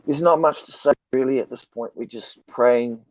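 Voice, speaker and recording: A man with a hoarse, croaky voice from a cold, talking slowly and haltingly as a guest on a live stream. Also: mid-range voice, no echo, lo-fi sound. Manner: slow, halting, many ums. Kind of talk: casual live stream talk.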